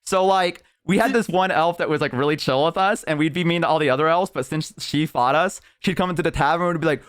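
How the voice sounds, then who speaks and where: A man's voice: on the high side, fast talker, a bit bright, clear, resonant tone. A young man streaming, telling a long story in casual, rambling, profane chat full of "like". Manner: rambling, profane, heavy use of "like".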